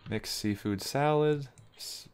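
A man's voice: mid-range voice, takes it slowly, darkish tone, clean tone. A young man giving offhand, wry let's-play commentary as he plays a game, muttering remarks to himself. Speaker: gaming video host.

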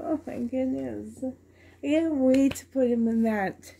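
Woman unboxing at home, super slow, gravelly and mellow, keeps going all whispery. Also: a little high, a little hiss or hum. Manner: gushing, often dropping to a whisper. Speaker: reborn doll collector unboxing a doll. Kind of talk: casual unboxing vlog.

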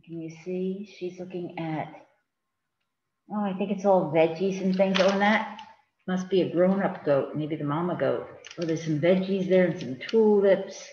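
A woman librarian reading a picture book aloud to children in an animated, chatty way, asking them questions, in front of a green screen. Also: on the low side, a little slow, reverberant, highs cut off, a little hiss or hum.

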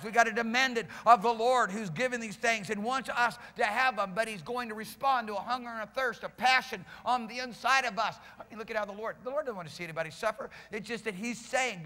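Impassioned high-voiced preaching man. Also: big-room sound. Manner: impassioned preaching, builds to shouting. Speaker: pastor. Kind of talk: sermon. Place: church sanctuary.

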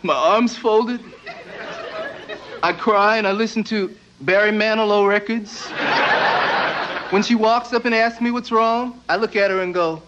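Young male comedian, very high voice, deadpan asides, loud audience and noise, lo-fi broadcast. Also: measured pace, pauses often. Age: young adult. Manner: wry, deadpan asides, acts out quoted characters. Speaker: stand-up comedian. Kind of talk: stand-up comedy set. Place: stage before a live audience.

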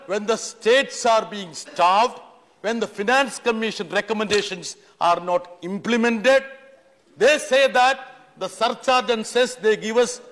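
Indian-accented middle-aged male MP, fervent, high voice, long hall reverb. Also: fairly bright tone. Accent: Indian English. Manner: impassioned, keeps pleading "sir", rhetorical lists. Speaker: member of parliament giving a speech. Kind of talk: parliamentary speech. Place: large legislative chamber. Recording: echoey chamber with long reverb.

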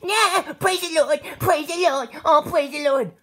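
A woman voicing an excitable pet bird neighbor who blurts out her thoughts eagerly. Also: sits high, a little fast. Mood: excited. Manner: eager, bursting out.

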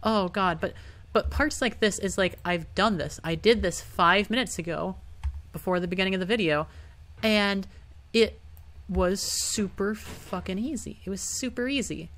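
A woman's voice: mid-range voice, normal speed, fairly bright tone. A young woman playing a hard computer game and talking casually through it, often frustrated and swearing. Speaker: gaming YouTuber. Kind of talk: casual let's-play commentary.

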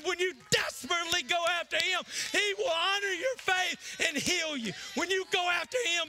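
A man preaching a sermon as pastor. He shouts in bursts, drops low, and acts out the people in the story. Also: vocal fry.

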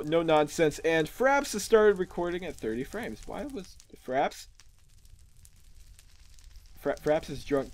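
A man's voice: fairly high pitch, a little mellow. A man hosting a gaming channel, giving casual, rambling, self-amused commentary as he plays.

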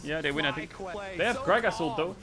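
Male streamer, high voice, excitable live reaction, frequent laughter and swearing. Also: fast.

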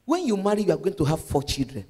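Nigerian woman playing a grave male soothsayer, hushed and foreboding, booming hall reverb. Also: very animated, quick pace, slightly rough. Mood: ominous. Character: solemn male fortune-teller warning of doom.

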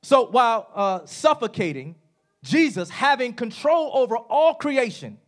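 A man delivering a sermon in a church sanctuary, his high voice swooping through a wide range. He drops soft at the ends of phrases and builds to shouts at the peaks. He talks casually to the congregation and has them repeat words back to him. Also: measured pace. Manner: animated preaching, calls on the congregation to repeat words; casual, says "y'all" and "right?". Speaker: preacher.

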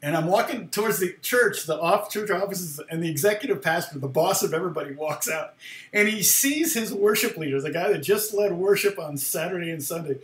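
A man's voice: high voice, echoey room. A man casually telling a long personal story, rambling, often laughing and acting out what people said. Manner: rambling, laughs often, acts out quoted lines. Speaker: guitar teacher and former worship leader.

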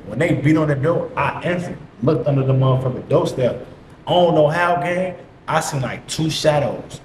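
A man's voice: a little high, moderate pace. Slangy young man in an echoey room. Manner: slangy, profane, animated retelling with repeated catchphrases. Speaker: vlogger. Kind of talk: casual storytime monologue. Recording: echoey room, faint hiss.

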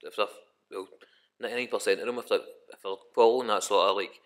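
A man's voice: lowish voice, fairly even intonation, fast talker. A young Scottish man, a rapper guest on a podcast, talking in a rambling, casual way and swearing often. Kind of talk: casual chat.

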